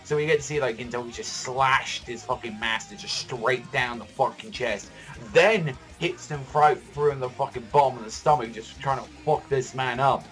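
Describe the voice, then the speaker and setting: A man giving casual reaction commentary on a manga chapter, excitable and profane, rambling with lots of fillers. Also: medium pitch, moderate pace, soft background music.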